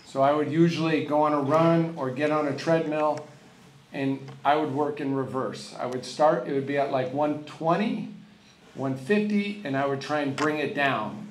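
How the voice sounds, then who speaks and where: A man's voice: mid-range voice, a little hiss or hum. Middle-aged man storytelling in an echoey hall. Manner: anecdotal, humorous storytelling with halting restarts. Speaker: hall of fame inductee, tennis coach. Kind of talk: acceptance speech. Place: large event hall. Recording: echoey hall with faint ambience.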